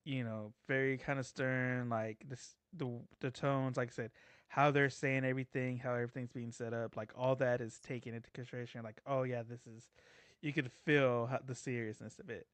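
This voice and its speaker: A man co-hosting a podcast in casual chat, laid-back and agreeable, often chiming in with quick yeahs. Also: mid-range voice, fairly even intonation, smooth, no echo. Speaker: podcast co-host.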